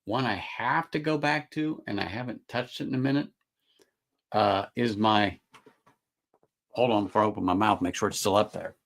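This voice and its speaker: A man's voice: fairly low pitch, normal speed, pauses often, fairly bright tone. A middle-aged man hosting a casual whiskey livestream, rambling in a folksy way and answering viewers' comments. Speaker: whiskey channel host.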